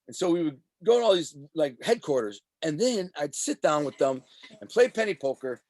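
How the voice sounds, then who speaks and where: A man who was once a mob associate, telling his story in a casual interview. He talks in a profane, animated way and acts out the voices of the people in his stories. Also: a little high, moderate pace. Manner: animated, profane street talk.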